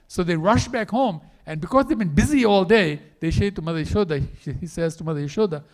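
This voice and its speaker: A man telling a story in a temple class, animated and acting out each character as he goes. His voice sits high and swings widely in pitch, and he keeps the telling lively. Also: brisk. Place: temple hall.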